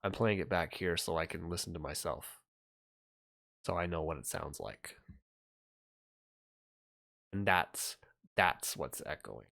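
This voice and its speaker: A man's voice: deep voice, animated, a little slow, vocal fry, long pauses, fairly bright tone. A man chatting casually on his livestream, mumbling and thinking aloud as he fixes his audio at a desk microphone.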